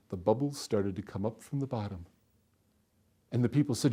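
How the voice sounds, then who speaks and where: A man telling a folktale in an animated, expressive way, slowing down for effect. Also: medium pitch, breathy edge. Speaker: storyteller. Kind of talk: folktale storytelling performance.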